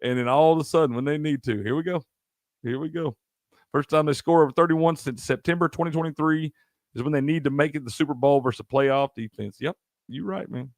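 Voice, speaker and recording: This sports show host from Tennessee runs a live stream, firing off angry, profane rants in reply to chat. He speaks a little high and a little fast, captured at studio quality with no echo.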